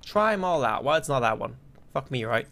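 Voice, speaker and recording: A man commentating his play of a horror game, joking and cursing, and breaking into loud frightened yelps when scared. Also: medium pitch, sing-song, brisk, vocal fry. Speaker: gameplay commentator.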